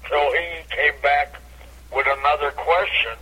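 An older man, a comedian, telling animated stories from his career in a casual radio interview over a phone line. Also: measured pace, slightly rough. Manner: animated anecdote teller, bursts into high catchphrase. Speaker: comedian guest.

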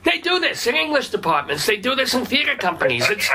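A man's voice: very high-pitched, sing-song, quick pace, background noise, full character voice. A man voicing a cranky, foul-mouthed older rabbi with a phlegmy, throaty voice, rambling and swearing in a comedic radio bit. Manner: rambling, blustery, swears casually.

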